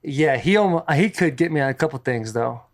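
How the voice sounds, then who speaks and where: A young man joining a podcast out of breath, chatting and joking in an animated way. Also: on the high side, brisk, over a noisy crowd. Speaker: podcast co-host. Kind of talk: casual chat.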